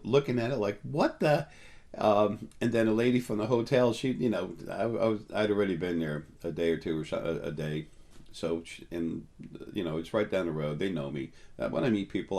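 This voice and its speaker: A man hosting a spiritual video, rambling through a casual monologue to his viewers and leaping higher in pitch whenever he quotes someone. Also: a little mellow. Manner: storytelling, jumps up high when quoting people.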